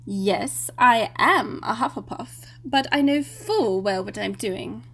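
A woman's voice: fairly high pitch, very animated, heavily acted. A woman playing a teasing young student witch.

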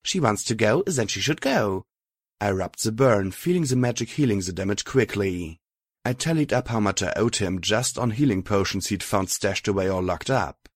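A man narrating an audiobook in a steady first-person reading. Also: fairly low pitch, normal speed, dry recording, clean studio sound.

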